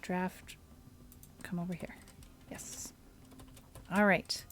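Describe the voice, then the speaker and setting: A woman streamer giving casual commentary while she plays a game, thinking aloud and often dropping to a soft mutter. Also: lowish voice, flat delivery, drawn-out words, slight background noise.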